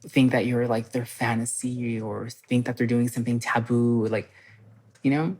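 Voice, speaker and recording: A woman guest telling personal stories in casual podcast chat, animated and full of "like" fillers. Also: extremely low pitch. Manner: animated, fast storytelling with many "like" fillers.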